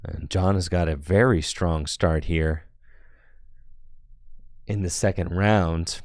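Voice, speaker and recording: Guy casting a card game tourney, slow drawl, chill and chatty, dry close mic. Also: sits low, a little mellow, no echo. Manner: chatty, loose, self-deprecating. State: out of breath. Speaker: tournament stream host and commentator. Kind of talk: casual live commentary.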